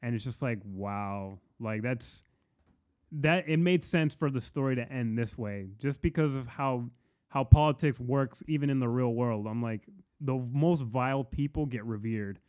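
A man's voice: medium pitch, unhurried. A man co-hosting a podcast, chatting casually and laughing often as he reviews a show. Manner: animated, laughs often, profane. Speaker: podcast co-host.

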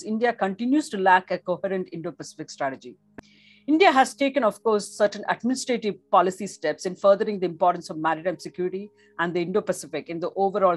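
A woman delivering a formal policy talk in a measured way, now and then restarting a word. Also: fairly low pitch, dry recording. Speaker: policy analyst.

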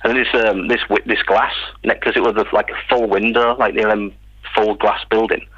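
Fast-talking man on a muffled line. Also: fairly low pitch, steady tone, a bit bright, husky, dry recording. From England. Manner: rambling, self-interrupting storyteller. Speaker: writer guest. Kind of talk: casual interview.

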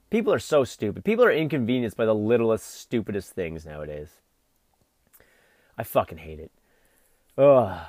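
A man's voice: mid-range voice, no room sound, studio quality. A young adult man hosting a vlog, delivering an exasperated, profane solo rant full of fillers. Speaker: vlog host.

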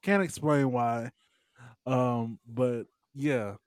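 A man's voice: medium pitch, steady tone, extremely slow, clear, resonant tone, no echo. Man chatting with hesitant fillers. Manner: hesitant, many fillers and restarts. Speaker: podcast co-host. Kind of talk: casual chat.

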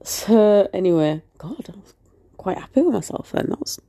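A woman's voice: mid-range voice, expressive, moderate pace, dark tone. A woman rambling through a casual podcast monologue while unwell, often sinking into a whisper. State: unwell with a virus.

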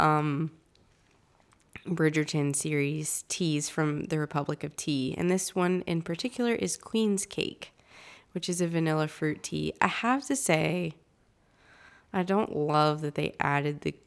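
Raspy-voiced woman podcast co-host. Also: low-pitched. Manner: laughs often, chatty. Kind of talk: casual chat.

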